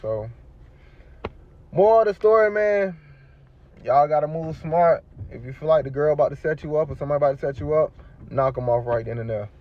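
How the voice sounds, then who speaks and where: A man's voice: mid-range voice, quick pace. A man telling the story of his shooting in a rambling, slangy way, his voice rising when he repeats what he told the medics. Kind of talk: casual storytelling. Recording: dull lo-fi video clip.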